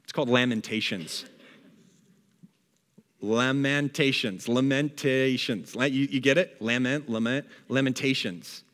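A man preaching a sermon, reading scripture aloud and acting out a grumbler's complaints with lively energy. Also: medium pitch, moderate pace, hardly any pauses, big-room sound. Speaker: pastor. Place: church hall.

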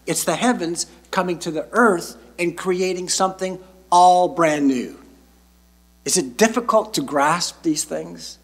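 A man preaching a sermon as pastor, slow and emphatic, stretching out key phrases. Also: sits high.

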